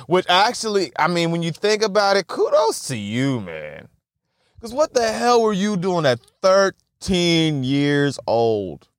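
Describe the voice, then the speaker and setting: A man's voice: high voice, unhurried, dry recording, clean studio sound. A young man in a casual rambling monologue, telling profane stories with frequent laughter. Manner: profane, laughing, animated storytelling.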